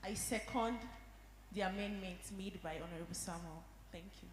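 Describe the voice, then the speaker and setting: A Nigerian woman speaks briefly and formally in a soft voice, seconding a motion. The room echo is strong with a long reverb and a faint hum behind. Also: on the low side, moderate pace. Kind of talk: formal parliamentary address. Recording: echoey hall, faint hum.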